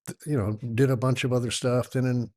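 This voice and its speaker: A man in his sixties from Texas, a yoga teacher telling stories as a podcast guest, lively and acting out voices. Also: mid-range voice, a little fast. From Texas, United States. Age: 60s. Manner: animated storyteller who acts out quoted voices. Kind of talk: storytelling in a conversational interview.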